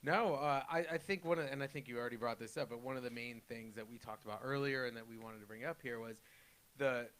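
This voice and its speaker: A man appearing as a political strategist guest, easygoing and hedging, quick to laugh. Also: mid-range voice, fairly bright tone. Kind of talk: casual panel chat.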